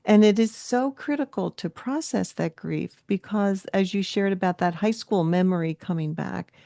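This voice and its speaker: A woman's voice: mid-range voice, moderate pace, vocal fry, warm tone, no room sound, studio quality. A woman hosting a podcast interview, affirming and encouraging her guest. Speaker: podcast host. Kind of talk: podcast interview, casual conversation.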